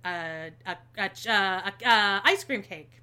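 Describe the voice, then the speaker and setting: A woman telling a story in casual chat, animated and swearing freely, acting out everyone she quotes. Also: medium pitch, measured pace, clean tone.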